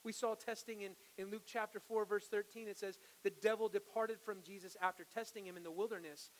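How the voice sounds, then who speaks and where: An earnest man preaching a sermon in a mid-range voice. He moves from hushed, drawn-out phrases to loud, fervent stretches. A faint hiss sits under the recording. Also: high-pitched, fairly even intonation, rough recording. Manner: earnest, swings from hushed to forceful. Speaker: pastor.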